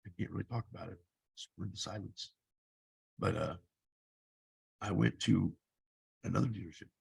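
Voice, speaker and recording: A man in his fifties with an intensely gravelly, rough-edged voice and a heavy husky grain. He tells his life story casually, bluntly and with plenty of swearing, circling back and restarting as he goes. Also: deep voice, normal speed, a little mellow, dry recording. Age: 50s. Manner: blunt, profane, rambling with restarts. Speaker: life coach.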